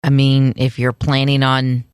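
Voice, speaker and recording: A woman co-hosting a casual podcast, chatty and quick to laugh. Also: very deep voice, monotone, a little mellow, smooth, dry recording, clean studio sound. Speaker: podcast co-host. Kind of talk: casual chat.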